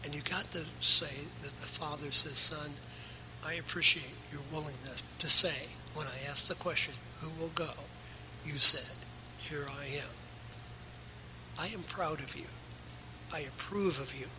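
Earnest bright-voiced male pastor preaching. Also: fairly high pitch, normal speed, a little hiss or hum, poor audio. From USA. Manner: earnest, emphatic preaching with varying volume. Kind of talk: sermon. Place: church.

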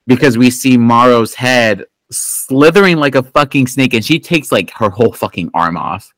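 A man's voice: mid-range voice, lively intonation, normal speed, a bit bright, no echo, poor audio. A man hosting a podcast, recapping a film in a casual, rambling and profane way, full of fillers and restarts. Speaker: podcast host. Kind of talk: casual movie recap chat.

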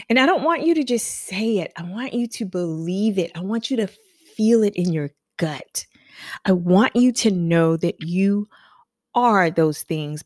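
A woman podcast host delivers a motivational talk in an unhurried, fairly low voice. She leans hard on repeated affirmations and personal stories. The sound is close and dry. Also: a little mellow, no room sound. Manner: emphatic, repeats affirmations, storytelling. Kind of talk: motivational monologue.

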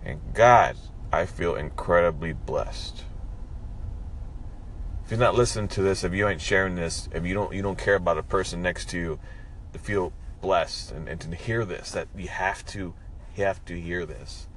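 A man's voice: deep voice, normal speed, fairly bright tone, a little hiss or hum. A man hosting his own podcast, with a froggy morning voice, giving a joking, profane morning pep talk. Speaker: podcast host.

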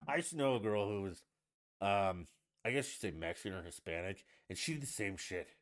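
A man's voice: low-pitched, expressive, fairly quick. A man hosting a casual solo podcast from the United States, ranting bluntly and swearing freely. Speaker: podcast host.

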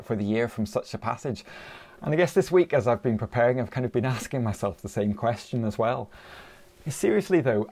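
Gravelly-voiced man preaching a sermon. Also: mid-range voice, a little mellow. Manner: conversational, with rhetorical questions.

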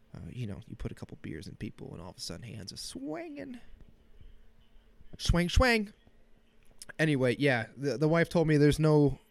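A podcast host in his thirties talks with a fairly low, darkish voice and some vocal fry. Recording a casual solo show in a chilly little home office, he rambles, jokes at his own expense and sniffles slightly.

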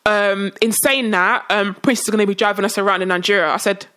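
Quick, bright-voiced woman. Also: mid-range voice, smooth. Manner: animated, acts out quoted dialogue with voice changes. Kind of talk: casual storytelling chat.

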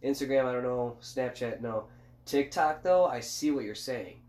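A young man co-hosting a podcast in crude casual chat, joking loudly and swearing a lot. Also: mid-range voice, moderate pace. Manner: loud, jokey, swears a lot, shouts and laughs. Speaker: podcast co-host.

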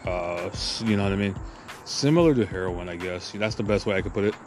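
A man's voice: deep voice, brisk. A man hosting a podcast, ranting crudely and heatedly in a rambling monologue full of filler and profanity. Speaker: podcast host.

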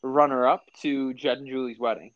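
A man's voice: mid-range voice, fairly even intonation, moderate pace, a bit bright, no room sound, lo-fi sound. A young man hosting a casual chat, telling rambling stories with slang and frequent laughs. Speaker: podcast host.

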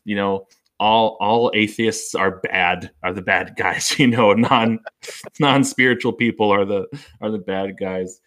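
Guy with a low but bright voice, laughing a lot while he talks movies. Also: fairly even intonation, unhurried. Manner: chatty, laughs often, acts out quotes. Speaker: podcast co-host. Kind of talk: casual movie discussion.

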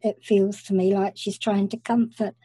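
A woman hosting an interview podcast, speaking calmly and in an affirming way. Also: mid-range voice, normal speed, breathy edge, no echo. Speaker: podcast host.

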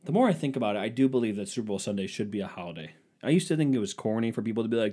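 A young man with a fairly low voice hosts his own podcast, riffing in a loose comedic rant. He talks in a sarcastic, self-mocking way that wanders from point to point. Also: very animated, racing, hardly any pauses, warm tone. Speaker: podcast host.

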